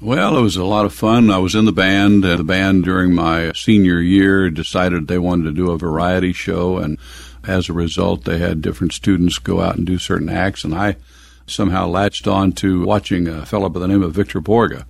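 A man's voice: low voice, steady tone, moderate pace, gravelly, no room sound. An older man from the American Midwest telling stories from his youth in an oral history interview, chuckling now and then.

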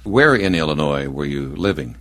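A man's voice: very deep voice, expressive, normal speed, a bit bright. A man interviewing someone for an oral history, asking short, plain questions.

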